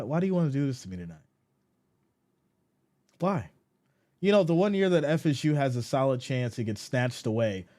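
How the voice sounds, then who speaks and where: A man with a medium-pitched voice hosts a casual sports live stream. He reads viewer comments aloud and answers them in an animated, mock-exasperated manner.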